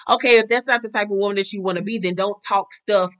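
A woman hosting a reality TV recap, talking in a sassy, animated way and using lots of slang. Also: mid-range voice, fast talker. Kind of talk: casual recap commentary.

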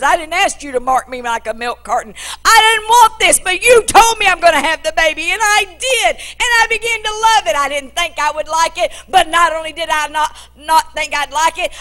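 A woman acting out a distraught grieving mother who shouts and pleads near tears. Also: very high-pitched, voice pushed up, exaggerated voice.

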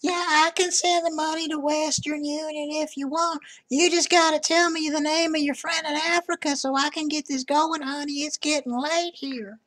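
A woman's voice: sits high, little pitch movement, moderate pace, few pauses, fairly bright tone. A woman playing a sweet-talking old lady who makes crude jokes, on a prank voice chat. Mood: doting. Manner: doting, teasing, crude jokes. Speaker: scambaiter.

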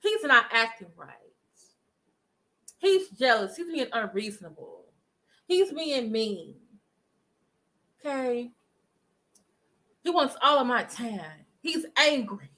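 A woman recaps the gossip for her viewers, chatty and animated. She talks to them directly. Her voice sits high and bright. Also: takes it slowly, pauses often. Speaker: commentary vlogger. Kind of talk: casual gossip commentary.

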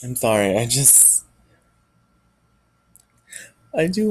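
A man speaking in a personal confessional vlog, near tears, halting and hesitant, often trailing off. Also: mid-range voice, no room sound, rough recording. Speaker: vlogger.

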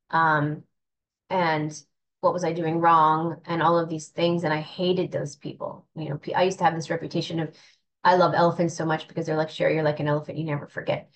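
A woman's voice: on the low side, a little hiss or hum, low-quality recording. A woman giving an earnest, reflective spiritual talk in a casual, conversational way, often restarting her sentences. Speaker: spiritual teacher.

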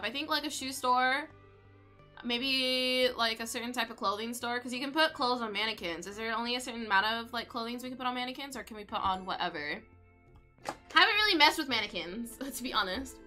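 A young woman creates gaming videos, giving casual, chatty commentary as she plays a life-simulation game and often talks to the pets on screen. Her voice is a little high with a sharp tone.

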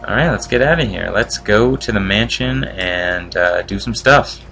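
A man giving casual, wry commentary on a video game walkthrough. His voice is low and gravelly, and he talks at an unhurried pace. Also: expressive, sharp tone, soft background music. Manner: joking, wry asides about the game. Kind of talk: casual let's-play commentary.

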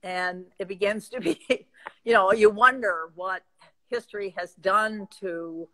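Woman, Midwestern accent, live chat guest, slow pace, bright tone, reflective. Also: mid-range voice, rough recording. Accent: American Midwestern. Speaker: guest speaker.

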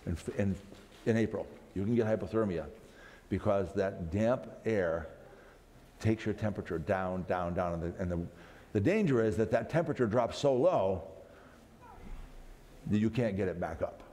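A man's voice: on the low side, lively intonation, normal speed, long pauses, warm tone. A man speaking at a camp meeting, telling a story dramatically for family worship, often restarting his phrases. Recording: long hall reverb, faint background noise.

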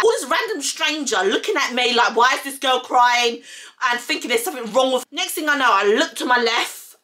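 A young woman recounts her own story in casual chat. Her voice is bright and sits fairly high. She is animated and acts out the quotes as she goes. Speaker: vlogger telling her story.

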